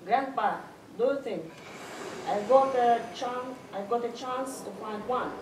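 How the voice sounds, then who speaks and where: A woman's voice: a little high, measured pace, background noise, close to an everyday voice. A woman playing a poor hopeful boy on stage. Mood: curious. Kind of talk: school stage play. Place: school stage. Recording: echoey hall, from far off, music behind.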